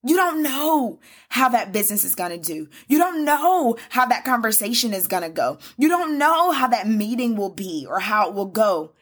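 A woman's voice: on the high side, very animated, moderate pace, slightly rough. A woman hosting a solo devotional podcast, preaching fervently in a repetitive cadence and calling listeners "baby" and "y'all". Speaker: podcast host.

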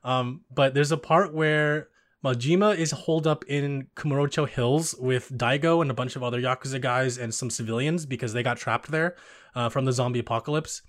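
A man's voice: mid-range voice, normal speed. A young man in casual chat about video games, rambling with many fillers and frequent laughter.

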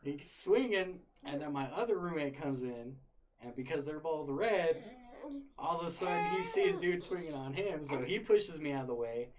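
A man's voice: a little high, moderate pace, a crowd in the background. A young man casually retelling a wild story, full of swearing and laughter. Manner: profane, animated, laughing retelling.

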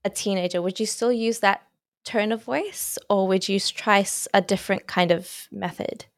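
A woman's voice: mid-range voice, steady tone, normal speed, no room sound, clean studio sound. A young woman hosting a parenting podcast, asking long, hesitant questions full of "sort of". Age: young adult. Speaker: podcast host. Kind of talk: conversational podcast interview.

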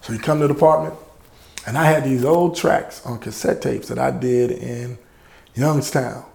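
A middle-aged man, a music producer telling lively anecdotes in an interview and acting out the people he quotes. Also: mid-range voice, moderate pace, creaky, reverberant. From Louisiana. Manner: lively anecdotes, acts out quoted voices, laughs often. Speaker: music producer and label head, interview guest. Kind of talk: animated storytelling in a podcast interview.

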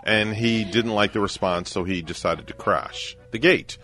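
Low-voiced joking radio host. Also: male voice, normal speed, a bit bright, soft background music. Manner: joking storyteller, teasing co-hosts. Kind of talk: casual morning radio chat. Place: radio studio.

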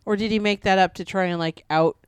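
A woman podcast host in crude, joking casual chat, reacting loudly. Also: mid-range voice, fairly even intonation, brisk, clear, resonant tone, dry recording.

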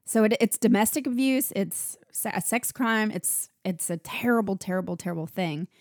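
A woman co-hosting a casual chat, chatty and quick to agree. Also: mid-range voice, no echo, studio quality. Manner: chatty, agreeing, laughs easily.

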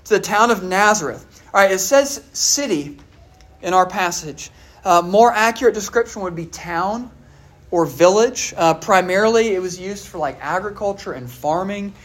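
Conversational preacher asking listeners questions. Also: medium pitch. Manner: many fillers like "all right" and "uh". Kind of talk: sermon.

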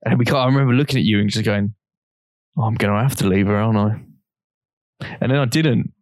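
A man's voice: lowish voice, fast talker, darkish tone, no room sound, clean studio sound. A young man co-hosting a podcast, telling a long story in a rambling, casual way with plenty of swearing. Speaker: podcast co-host. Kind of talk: casual chat.

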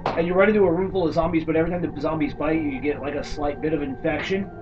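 A man swaps tabletop gaming stories in a loose, animated way, swearing freely as he goes. His voice sits a bit high and comes from some distance off the mic. The sound is dull, with a faint hiss behind it. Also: racing. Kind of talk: casual chat about tabletop gaming.

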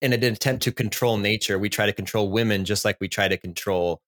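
Forties male co-host, relaxed and reflective, talks through big ideas. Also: lowish voice, a little fast. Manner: reflective, musing on psychology and myth. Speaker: podcast co-host. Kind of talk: casual podcast chat.

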